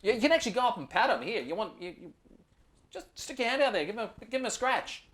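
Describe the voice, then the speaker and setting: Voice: mid-range voice, sing-song, quick pace, a bit bright, voice pushed up. A game master voicing a laid-back, prankish male ranger with an Australian accent and a drawling way of talking. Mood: teasing. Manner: drawling, prankish, says mate.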